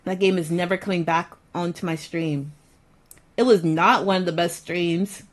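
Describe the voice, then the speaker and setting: A woman's voice: fairly low pitch, moderate pace, low-quality recording. A woman streamer chatting casually with her viewers, repeating herself and sounding mildly exasperated as she fiddles with her audio settings. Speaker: live streamer.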